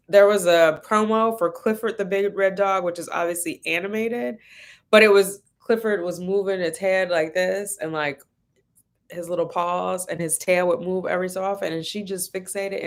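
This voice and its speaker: A woman hosting a casual live stream from home, chatting and telling family stories. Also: lowish voice. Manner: chatty, animated storytelling with laughs.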